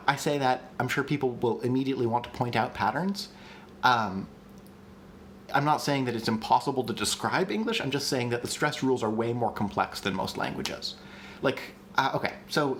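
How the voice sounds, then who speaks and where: Male streamer-teacher, mid pitch, loose and enthusiastic delivery, desk mic with faint background hiss. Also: animated, moderate pace, fairly bright tone. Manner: chatty and enthusiastic, with many ums and restarts, reads chat aloud. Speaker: streamer teaching language construction. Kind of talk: casual live-stream lesson.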